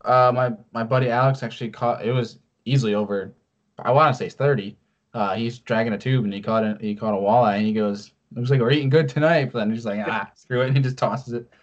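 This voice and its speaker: A man's voice: lowish voice, fairly even intonation, fast talker, lo-fi sound. A man hosting a podcast, chatting casually in an easygoing way and laughing often. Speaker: podcast host.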